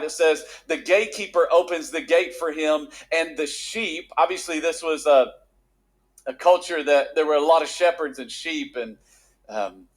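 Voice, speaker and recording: A pastor in his thirties, his voice sitting a little higher than most men's. He preaches in a relaxed, conversational way, then climbs into fervent, emphatic repetition. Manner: conversational, builds to rising emphatic intensity. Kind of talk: sermon.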